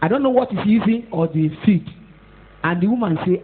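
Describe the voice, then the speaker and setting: Animated Nigerian woman preacher. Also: medium pitch, moderate pace. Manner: animated, scolding, shouts at times; mixes in Pidgin and Yoruba. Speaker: pastor. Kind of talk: sermon. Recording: tinny phone-like echoey hall.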